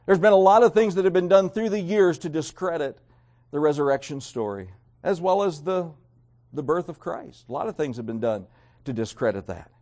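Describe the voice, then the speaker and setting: A man preaching a sermon, reading King James scripture and swinging between raised emphasis and quiet, low endings. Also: animated, normal speed. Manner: reads scripture aloud in King James wording. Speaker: pastor.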